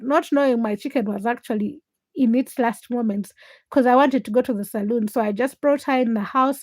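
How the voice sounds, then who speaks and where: A woman from Uganda hosting a casual late-night livestream, telling stories in an animated way and reading viewer comments aloud. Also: on the high side, no room sound. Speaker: livestream host.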